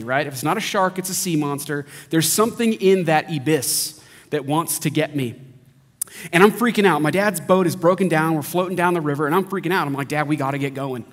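Casting: thirties male pastor, slightly high voice, animated storyteller, church hall reverb. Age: 30s. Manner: lively joking storyteller, animated. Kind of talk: sermon with humorous storytelling.

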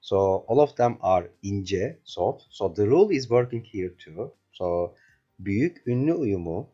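A man teaching a beginner language lesson online, going over the rules patiently and slowly and checking in often with his learners. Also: fairly low pitch, mellow, husky, lo-fi sound. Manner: patient, slow drilling, keeps asking "remember?".

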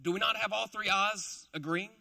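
A man's voice: sits high, moderate pace, gravelly, bright, forceful tone. A young man preaching a casual, joking sermon to a live congregation, with playful asides. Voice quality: chatty, playful, self-deprecating asides. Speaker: preacher, also a school teacher.

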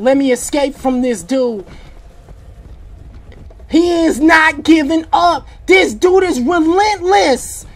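A gamer giving casual, slang-filled commentary on a horror game, panicking, repeating short exclamations and breaking into shouts. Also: high-pitched, takes it slowly, pauses often.

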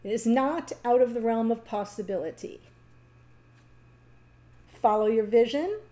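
A woman giving a casual, chatty tarot reading, talking warmly to the viewer with fillers and small laughs. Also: fairly high pitch, measured pace. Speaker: tarot reader.

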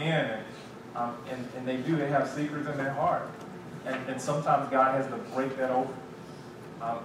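A man, a pastor, leading a Bible study and teaching in an animated, lively way with acted-out asides. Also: mid-range voice. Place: church sanctuary. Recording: echoey room, distant mic, faint hiss.

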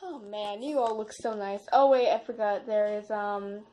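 A woman narrating a toy play story casually, playful and dramatic, swinging between whispers and excited shrieks. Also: medium pitch, normal speed, a little hiss or hum.

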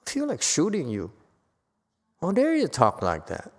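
A woman giving a Buddhist Dharma lecture to a live audience. She is emphatic and playful, swinging from quiet asides to loud outbursts. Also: low voice, huge pitch swings, a little slow, pauses often, husky. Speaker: Buddhist teacher. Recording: echoey hall with long reverb.

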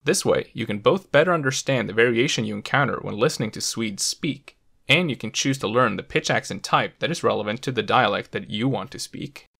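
A man hosting a language education video, giving a clear, methodical scripted explanation with touches of dry humor. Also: medium pitch, expressive, brisk, sharp tone. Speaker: host of a language education channel.

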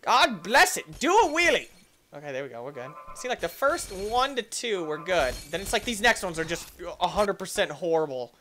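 A man hosting a let's-play, giving jokey, excitable commentary and yelling at the game. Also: on the high side, brisk, hardly any pauses, slight background noise. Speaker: gaming channel host.

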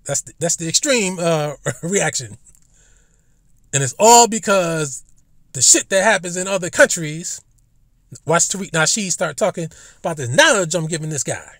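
A man's voice: fairly high pitch, lively intonation, moderate pace, a bit bright, no echo, clean studio sound. A man in a casual, profane monologue with rambling delivery, speaking into a phone in an online audio room. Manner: rambling, profane, acts out imagined dialogue. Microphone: phone or headset in an online audio room.

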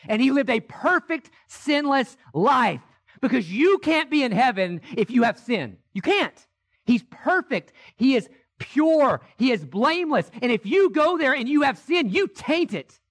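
A high-voiced man delivers an Easter sermon as pastor. He moves between quiet, drawn-out lines and passionate shouts. The sound is of a church service. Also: big pitch swings. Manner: impassioned, swings from hushed to shouted. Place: church sanctuary.

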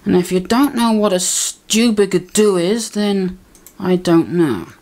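A woman's voice: mid-range voice, a little slow, darkish tone. A woman rambling casually in a vlog while fiddling with her camera and gear, grumbling and mocking herself. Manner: grumbling, self-mocking muttering. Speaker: video maker.

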